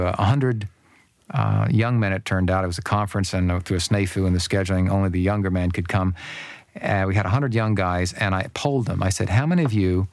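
With a lowish voice and no room sound in the recording, an older man tells stories in a guest talk about men and marriage from a Christian perspective. He's an animated storyteller who performs the voices of those he quotes.

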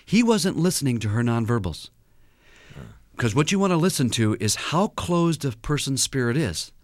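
A man's voice: medium pitch, sing-song, normal speed, dry recording, studio quality. A man speaking as a guest counselor on a radio talk show, earnestly explaining with examples and acted-out quotes. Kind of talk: radio interview, teaching with examples.

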